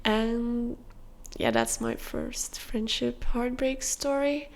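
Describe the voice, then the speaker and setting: A young woman hosting a podcast, telling a personal story in a candid, confessional way with soft fillers. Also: on the high side, big pitch swings, slow. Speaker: podcast host.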